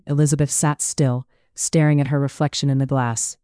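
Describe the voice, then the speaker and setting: Audiobook narrator, smooth voice, mid pitch, dry close sound. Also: flat delivery, moderate pace, few pauses, darkish tone, no room sound.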